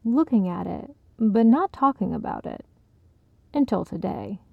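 Woman reading a story aloud, calm and even, dry kinda muffled sound. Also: medium pitch, a little slow, vocal fry, husky, no echo. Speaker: narrator. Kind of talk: audiobook narration.

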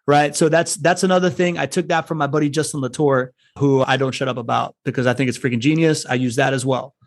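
A man's voice: medium pitch, fairly even intonation, fast talker. A man giving conference networking tips in a casual chat, chatty and full of fillers, often checking in with "right?". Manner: chatty, filler-heavy, keeps asking "right?". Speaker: podcast co-host giving networking advice.

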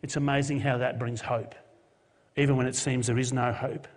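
A man preaching a sermon, swinging from loud emphatic lines to soft, quiet ones. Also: mid-range voice, flat delivery, normal speed. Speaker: pastor. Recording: long hall reverb.

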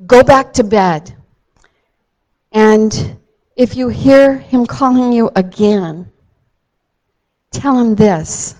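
Woman as an old priest, firm, instructing, slow storybook voice. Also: fairly high pitch, darkish tone, low-quality recording. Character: old male temple priest, patient then earnest.

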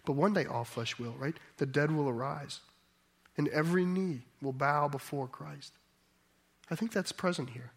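Male pastor preaching a sermon, bit high voice, thinks out loud then gets emphatic. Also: moderate pace, slightly rough. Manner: thoughtful, reflective, rising to emphatic.

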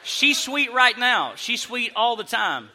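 A young adult man from Arkansas, telling a stand-up story in an animated, laughing, self-mocking way. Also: very high voice, takes it slowly. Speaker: comedian.

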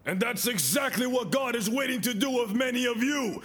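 A bishop preaching a sermon in an animated style, telling stories and swelling to shouts. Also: male voice, very high-pitched, normal speed. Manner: storytelling with acted quotes.

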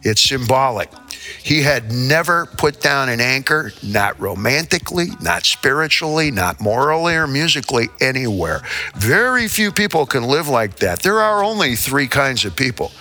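A man's voice: mid-range voice, very animated, moderate pace, sharp tone, faint music behind. An older man, a performing musician, telling rambling interview anecdotes in a theatrical, jokey way with laughing asides.

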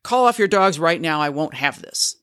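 A man's voice: a little high, expressive, moderate pace, a bit bright, clear, resonant tone, no echo, clean studio sound. Man voicing an irate, scolding chief of staff, slightly raised voice. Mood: angry. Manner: indignant, scolding. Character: angry male chief of staff yelling.

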